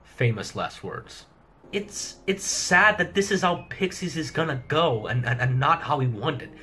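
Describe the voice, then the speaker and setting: A man's voice: fairly high pitch, expressive, unhurried, noisy background. A young man giving a rambling casual review of a manga chapter, swearing heavily and laughing often. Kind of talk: casual commentary.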